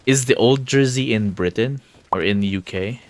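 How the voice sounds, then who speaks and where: A man's voice: mid-range voice, normal speed. A man streaming a video game, chatting casually with his viewers, laughing often and tripping over his words. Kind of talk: casual live-stream chat.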